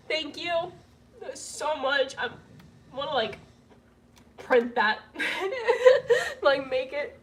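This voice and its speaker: A woman's voice: sits high, sing-song, very slow, long pauses, a bit bright, recorded from a distance, slight background noise. A young woman casually reading out donation messages to her viewers, emotional and gushing, laughing through tears. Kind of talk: casual livestream chat. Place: home room with roof work banging.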